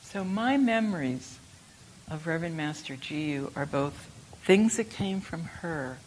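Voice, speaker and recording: Slow, soft-spoken older woman giving a talk. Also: low voice, expressive, a little hiss or hum, poor audio. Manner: slow, reflective, gentle storytelling. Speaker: Buddhist teacher. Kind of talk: dharma talk.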